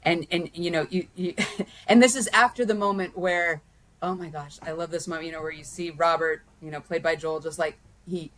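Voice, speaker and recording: Woman discussing a movie in a relaxed home chat, low-pitched, meandering delivery. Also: moderate pace. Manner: rambling, many restarts and fillers, warm laughs. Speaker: guest, host's mother. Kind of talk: casual film review chat.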